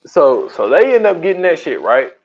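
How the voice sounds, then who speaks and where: A man's voice: fairly high pitch, sing-song, normal speed, muffled recording. A man co-hosting a podcast in casual chat, retelling a documentary in a rambling, slangy way with many restarts. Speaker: podcast co-host.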